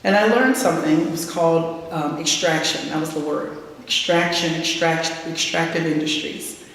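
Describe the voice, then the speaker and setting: A woman's voice: low-pitched, normal speed. A woman from gives a conversational keynote speech, folksy and direct, teasing the audience now and then. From South Louisiana, USA. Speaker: keynote speaker. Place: large hall. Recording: echoey hall, voice from far off, faint noise.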